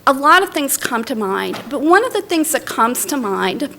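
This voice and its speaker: A woman's voice: sits high, big pitch swings, moderate pace, gravelly, sharp tone, a little hiss or hum. A middle-aged woman giving a lecture as a library director, telling stories in a conversational way with fillers and restarts. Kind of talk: academic lecture with personal stories. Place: lecture hall.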